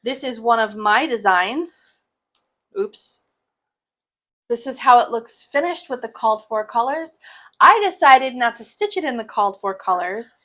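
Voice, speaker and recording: A young woman hosts a relaxed crafting chat, her voice bright and on the higher side. She jokes and teases with a sarcastic edge and laughs easily. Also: measured pace. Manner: sarcastic, joking, laughs often. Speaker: cross-stitch show host. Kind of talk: casual chat.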